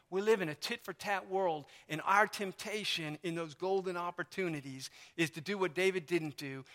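A man with a high, sharp-toned voice preaches as pastor inside a church sanctuary. He speaks emphatically and conversationally, repeating himself a lot, while the hall's long reverb lingers on every line.

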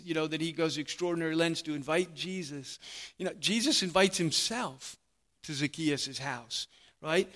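A man preaching a sermon, animated, acting out the voices of the crowd. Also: a little high. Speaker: pastor.

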